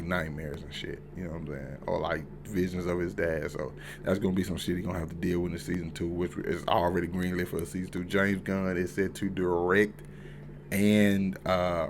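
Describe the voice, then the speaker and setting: A young man giving a casual, profanity-laced review of a TV episode, swinging from low mumbling to loud excited outbursts. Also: a little hiss or hum. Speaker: TV show reviewer.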